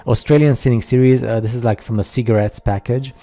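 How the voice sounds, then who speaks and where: Dark-voiced man, halting skeptical narration. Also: mid-range voice, fairly even intonation. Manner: halting, many fillers and restarts, skeptical asides. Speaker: narrator of a slideshow video. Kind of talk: casual voice-over commentary.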